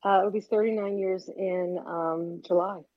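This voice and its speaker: A woman's voice: mid-range voice, fairly even intonation, unhurried, darkish tone. An older woman stand-up comic trading brash stories and punchlines in a casual interview. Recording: dull lo-fi sound.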